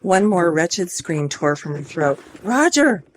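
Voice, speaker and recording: A woman's voice: deep voice, measured pace, noisy background. A woman author reading her own mystery novel aloud in an earnest, amateur way.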